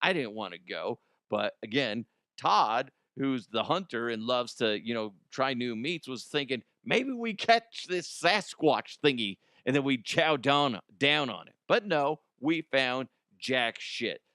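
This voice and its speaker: A man's voice: mid-range voice, lively intonation, unhurried, hardly any pauses, sharp tone, no echo, clean studio sound. Man doing a fed-up small-town cop. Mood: exasperated. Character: annoyed male small-town police officer.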